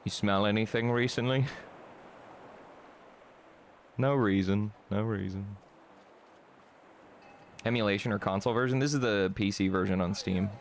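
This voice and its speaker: A man's voice: lowish voice, a little slow, long pauses, slight background noise. A man streaming a game, chatting and swearing casually as he plays. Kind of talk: casual gameplay commentary.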